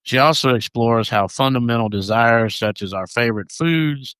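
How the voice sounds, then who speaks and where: A man's voice: mid-range voice, normal speed, fairly bright tone, smooth, no room sound. A man co-hosting a podcast, chatting casually and reading notes aloud, stumbling over names. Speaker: podcast co-host.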